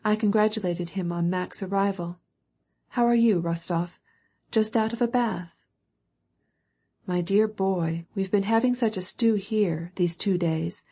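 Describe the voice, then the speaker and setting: A woman reading the part of a cheerful young male officer who talks in a lively, joking way. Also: mid-range voice, measured pace, husky.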